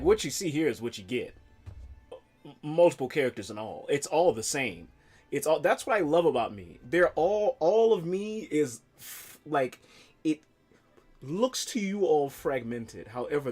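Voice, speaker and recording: Slow, rambling, profane streamer. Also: mid-range voice, darkish tone. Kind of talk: casual live-stream chat.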